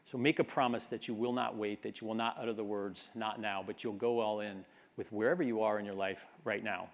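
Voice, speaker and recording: A man's voice: on the low side, fairly even intonation, a little fast. A man in his fifties giving a graduation speech, earnest and reflective, building to a rousing call. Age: 50s. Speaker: commencement speaker.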